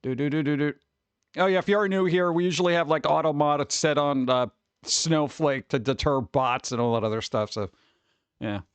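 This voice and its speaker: A man hosting a casual livestream, chatting with viewers in a jokey, excitable way, with sudden exclamations. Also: on the high side, moderate pace, clear, resonant tone, dry recording. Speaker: livestream host.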